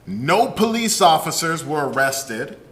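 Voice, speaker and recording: In a fairly high, slightly bright, sing-song voice, a podcast co-host takes his time. Yet what he says is an angry tirade, dripping with sarcasm and peppered with curse words.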